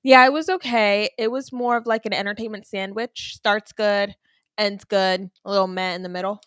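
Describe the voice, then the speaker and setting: A woman's voice: mid-range voice, steady tone, normal speed, a bit bright, clean tone, no echo. A woman with a mid-range voice co-hosts a casual wrestling chat. She speaks dry and matter-of-fact, teasing her partner. The sound is close and dry. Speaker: podcast co-host.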